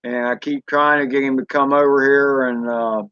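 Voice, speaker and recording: A man with a Southern US accent chatting casually on a live stream, rambling and folksy with drawn-out fillers and mild swearing. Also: mid-range voice, level tone, clean tone, dry recording, muffled recording. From Southern United States. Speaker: drone channel host reading live chat.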